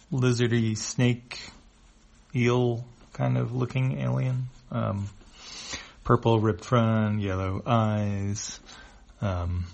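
A man's voice: fairly low pitch, vocal fry. A man reading a comic aloud and describing its panels, hesitant with many fillers.

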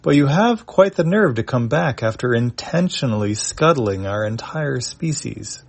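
A man's voice: medium pitch, lively intonation, unhurried, gravelly, voice pushed up. A man reading aloud and voicing a bitter alien survivor, in a raised, accusing tone.

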